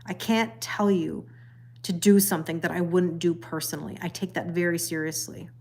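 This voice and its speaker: A woman's voice: lowish voice, fairly even intonation, normal speed, creaky, darkish tone, slightly rough. A middle-aged woman hosting a casual livestream, chatting to viewers and reading their comments aloud, laughing often and repeating her phrases. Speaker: tarot reader livestream host.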